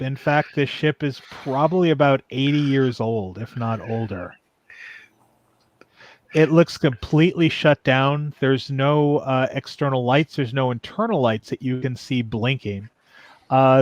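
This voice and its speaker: A man's voice: medium pitch, no echo. A man running a tabletop game as game master, explaining the rules patiently with frequent ums and restarts.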